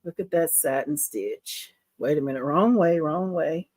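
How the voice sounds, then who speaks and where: A woman chats slowly and easily to her live-stream viewers, saying "y'all" often. She squeals and laughs when something looks cute, then settles into patient explaining. The sound is dry and close, with no room around it. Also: low-pitched, a little mellow, dry recording. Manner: reads viewer comments aloud. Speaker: livestream host showing embroidery. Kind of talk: casual live-stream chat.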